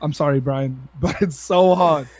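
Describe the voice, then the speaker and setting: His voice is a little high and darkish in tone, and he takes his time. This young streamer from South Africa, speaking with a South African accent, is a relaxed podcast guest who uses slang and addresses people as "bro."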